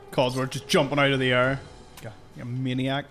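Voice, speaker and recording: A man's voice: medium pitch, flat delivery, unhurried, over music. A man giving chatty, joking let's-play commentary. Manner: chatty and jokey. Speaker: gaming youtuber.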